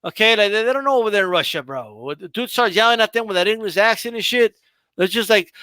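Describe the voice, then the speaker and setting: A man hosting a casual boxing talk show, joking and animated, full of slang. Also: high voice, fairly quick, no echo. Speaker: boxing channel host. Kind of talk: casual chat.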